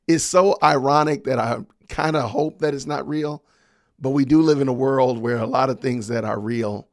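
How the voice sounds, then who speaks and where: A podcast host with a medium-pitched voice and vocal fry chats casually during a livestream, reading viewer comments aloud and laughing frequently. The recording is dry and studio quality.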